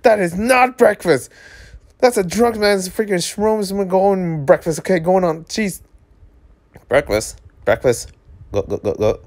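A man reading a webtoon aloud and reacting with excitable, joking asides. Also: sits high, a little slow. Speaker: webtoon reader.

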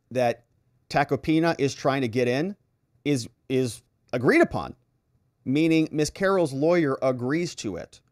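A man, a lawyer, giving a lively recap of courtroom testimony and reading out quotes. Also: medium pitch, no echo, clean studio sound. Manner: animated, reads out testimony in quoted voices. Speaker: lawyer and legal commentator.

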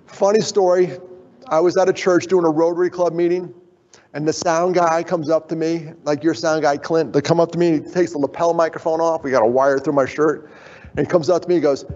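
Middle-aged male keynote speaker, jokey and earnest by turns, slightly husky, echoing through a large hall with dull sound. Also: fairly high pitch, a little fast, a little mellow. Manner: jokey, draws in the audience, then turns earnest. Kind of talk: motivational conference talk. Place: conference hall.

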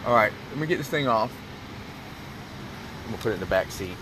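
A man's voice: on the low side, expressive, fairly quick, noisy background. A man chatting sassily to viewers on a phone live stream from his car. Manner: chatty, sassy, calls viewers y'all and honey. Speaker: vlogger doing a live stream. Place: in a car in the rain.

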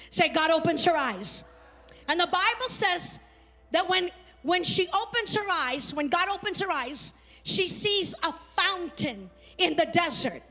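A woman's voice: extremely high pitch, pushed and bright. A woman pastor preaching a fervent sermon, repeating phrases and calling the congregation to answer back. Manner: fervent, repetitive call-and-response preaching.

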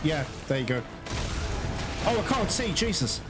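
A young man giving excitable live gameplay commentary as host, groaning, swearing and laughing at the game. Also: fairly high pitch, moderate pace. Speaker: gaming video host. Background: loud game music.

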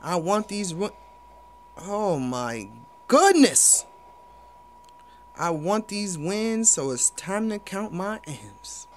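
A young man commentating his own video game match for viewers, playful and hyped, with sudden loud exclamations. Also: high voice, sing-song, takes it slowly, long pauses, a little hiss or hum. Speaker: gaming YouTuber. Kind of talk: live gameplay commentary.

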